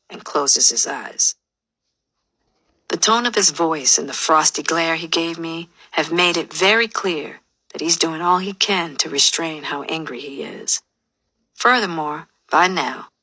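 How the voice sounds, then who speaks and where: A woman with a low but bright, forceful voice reads her memoir aloud. She tells the story candidly and with open feeling. The close studio recording is completely dry. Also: no echo. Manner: candid, emotionally expressive storytelling. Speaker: memoir narrator. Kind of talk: audiobook memoir narration.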